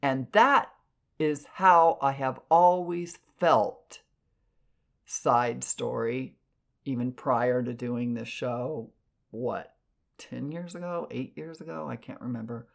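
A woman clairvoyant telling stories in an animated, expressive way. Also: slow pace, creaky. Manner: animated, expressive, jumps in pitch for emphasis. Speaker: clairvoyant podcast guest. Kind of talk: casual storytelling.

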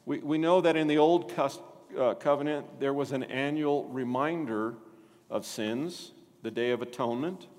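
A male pastor preaching a sermon, animated and asking the congregation questions. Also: mid-range voice, moderate pace. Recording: long hall reverb.

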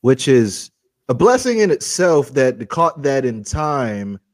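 A young man, co-hosting a family podcast in a relaxed, halting way. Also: medium pitch, dry recording. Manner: relaxed, hesitant, many fillers and restarts. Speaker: co-host. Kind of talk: casual family podcast chat.

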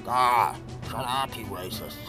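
A man's voice: mid-range voice, animated, a little slow, over music, close to an everyday voice. A man putting on a brash, foul-mouthed braggart who hurls insults and boasts. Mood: ranting. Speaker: podcast host.

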